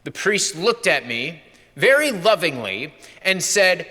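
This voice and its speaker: A man's voice: high voice, sing-song, a little slow, pauses often, sharp tone. A young male priest preaching a conversational homily, acting out remembered dialogue. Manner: conversational, acts out quoted dialogue. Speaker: pastor. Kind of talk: sermon. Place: church. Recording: long church reverb.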